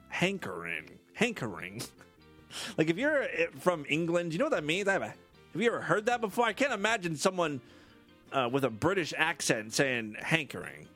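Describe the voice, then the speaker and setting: A male podcast host reads strange news stories in a high, lively voice that swoops up and down, tossing in joking asides and laughs. Faint music plays underneath. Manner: jokey asides, frequent laughs. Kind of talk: comedic news reading and chat.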